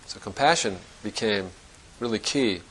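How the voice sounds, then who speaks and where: A man's voice: fairly low pitch, a little slow, fairly bright tone, husky, poor audio. A man giving a Zen dharma talk to students, thinking aloud in a reflective, conversational way and often restarting his sentences. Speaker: Zen teacher.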